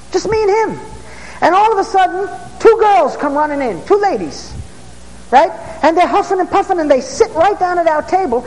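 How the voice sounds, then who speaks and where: A man, a preacher and former police officer, telling stories in a sermon, bursting into shouts and asking for amens. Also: very high voice, long reverb tail, a little hiss or hum, poor audio. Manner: excitable, bursts into shouts, asks the crowd for amens. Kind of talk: storytelling sermon.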